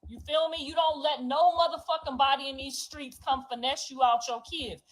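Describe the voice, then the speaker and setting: A woman delivering a raw, profane, defiant confessional monologue, moving from low brooding to loud outbursts. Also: fairly even intonation, moderate pace, poor audio. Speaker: reality show cast member.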